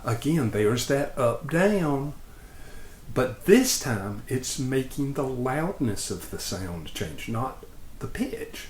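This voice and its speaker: A man teaching in a patient, plain way, his voice rising and falling a lot. The room adds a clear echo, and a faint hum sits under his voice. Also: mid-range voice, slow pace. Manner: patient, plain explanations with lively ups and downs. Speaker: instructor. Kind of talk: demonstration lesson.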